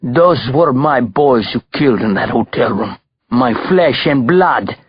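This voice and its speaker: A vengeful older Russian mob boss voiced by a male narrator growls his orders in a heavy accent, pitched above the reader's own low voice. The reading sounds slightly dull and dry, close to the mic. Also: lively intonation, slow, slightly rough, no room sound. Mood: bitter.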